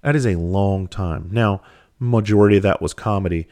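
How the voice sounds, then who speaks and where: A man's voice: lowish voice, moderate pace, mellow. A man from South Carolina, a comedian and speaker telling a loose, profane story in casual conversational style.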